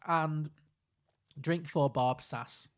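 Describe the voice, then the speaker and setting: A man's voice: fairly high pitch, steady tone, drawn-out words, slight background noise. A man co-hosting a film podcast, joking and rambling in casual chat with lots of fillers. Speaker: podcast co-host.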